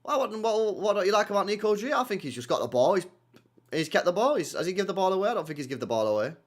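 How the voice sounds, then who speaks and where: A young man hosts a live football watchalong, bantering with his chat. His pitch sits a little high and swings widely as he goes. He teases and laughs along with his viewers in a loose, casual slang-filled way. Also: fast talker. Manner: animated, teasing, often laughing at chat. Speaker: streamer hosting a football watchalong.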